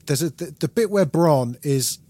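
A man's voice: fairly high pitch, animated, normal speed, mellow. Enthusiastic man, swearing casually. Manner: enthusiastic, swears freely, acts out quotes. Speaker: podcast co-host. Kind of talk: casual chat.

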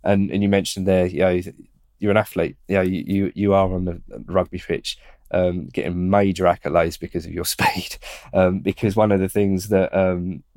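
A male interviewer who affirms his guest and asks halting, rambling questions with repeated words. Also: sits low, little pitch movement, a little mellow, no echo, clean studio sound.

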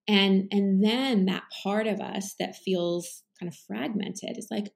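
A woman's voice: mid-range voice, takes it slowly, creaky, hardly any pauses, darkish tone. A woman coach being interviewed on a podcast, explaining her ideas earnestly, with many fillers and restarts. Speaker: life coach, podcast guest. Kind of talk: conversational interview.

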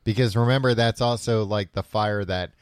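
In a dry recording with no room sound, a man with a low, clear, resonant voice retells a book's plot on his podcast at a steady tone and moderate pace. His casual recap wanders, packed with fillers and restarts, as he slips into the characters' voices.

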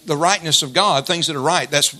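Bright, forceful male preacher. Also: fairly high pitch. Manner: emphatic, drawn-out scripture reading and call-and-response prompts. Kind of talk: sermon.

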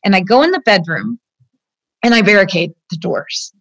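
A woman's voice: medium pitch, expressive, normal speed, a bit bright, no echo. A woman in her fifties, a guest telling her own story in an earnest, emotional way, often adding "like" and "you know" and speaking straight to the hosts. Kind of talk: personal account in a conversation.

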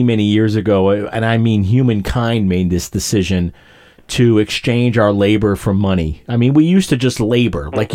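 A man's voice: lowish voice, a little mellow. A male podcast host in casual chat, musing aloud about work.

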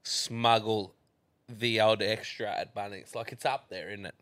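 An Australian man co-hosting a podcast, joking in excitable, sweary banter. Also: fairly low pitch, a little slow, dry recording. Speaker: podcast co-host. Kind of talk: casual chat.

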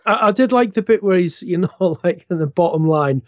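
A man's voice: high voice, animated, a little fast, dry recording, highs cut off. A man co-hosting a wrestling podcast, chatting with stumbling restarts and laughing at his own jokes. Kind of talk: casual chat.

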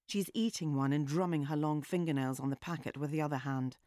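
A woman narrating a story in a measured, wry and understated way. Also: low-pitched, mellow, no echo, studio quality. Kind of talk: audiobook narration.

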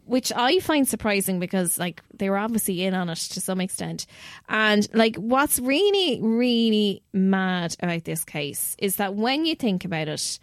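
A young Irish woman hosts a podcast, telling a story in a chatty, animated way and swearing freely. Her pitch sits in the middle. The recording is dry and close, with no room sound. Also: no room sound. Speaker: podcast host. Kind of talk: casual storytelling.

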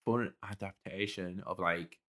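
A man's voice: low-pitched, fairly even intonation, a little slow, a bit bright. A man co-hosting a podcast, chatting casually and enthusiastically about films, with rambling sentences. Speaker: podcast co-host. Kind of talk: casual chat.

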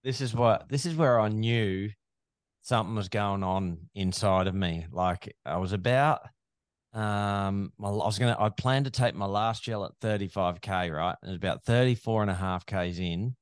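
Man, deep voice, dry close-mic recording, wry casual chat. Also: normal speed, clear, resonant tone, no room sound. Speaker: podcast co-host, marathon runner.

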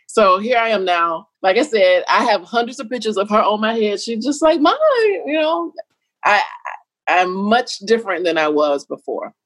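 A middle-aged woman talking casually as an interview guest, animated and quick to act out what others said. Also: medium pitch. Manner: animated, jumps between quoted voices and laughs.

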